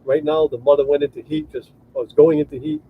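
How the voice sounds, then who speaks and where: A man's voice: on the high side, steady tone, a little fast, slightly rough. A man co-hosting a casual livestream chat. He rambles and restarts his sentences while thanking viewers. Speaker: co-host of a travel livestream. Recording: tinny phone-like sound.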